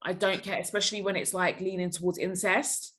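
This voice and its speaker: A woman's voice: mid-range voice, fairly quick. A young woman as a podcast guest, giving blunt, emphatic advice in a casual chat. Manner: emphatic, blunt, animated reactions.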